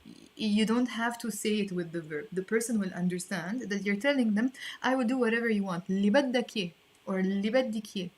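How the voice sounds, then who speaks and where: A woman teaching an online lesson, explaining patiently and repeating phrases slowly. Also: medium pitch. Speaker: language teacher.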